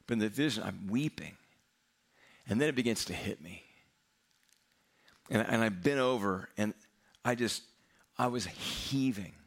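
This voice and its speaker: A middle-aged male pastor telling a personal story in a sermon, candid and self-mocking with quick humor. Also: fairly low pitch, lively intonation, gravelly.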